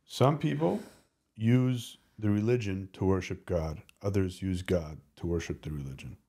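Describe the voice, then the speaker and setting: A man speaking as a podcast guest, telling candid personal stories in an animated, rambling way, often restarting his sentences. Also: sits low, moderate pace, slightly rough. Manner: animated, rambling, self-interrupting. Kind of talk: candid conversational storytelling.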